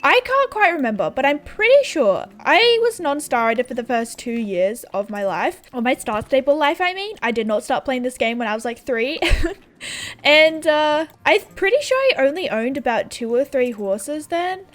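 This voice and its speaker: A woman's voice: high-pitched, sing-song, normal speed. A young Australian woman chatting casually and sarcastically while playing a game, laughing often. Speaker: gaming YouTuber. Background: faint background music.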